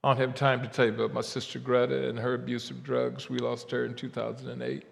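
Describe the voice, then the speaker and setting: A man from Ohio giving a keynote faith talk, swinging from quiet asides to shouted, drawn-out declarations. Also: mid-range voice, flat delivery, vocal fry. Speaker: keynote speaker. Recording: long hall reverb.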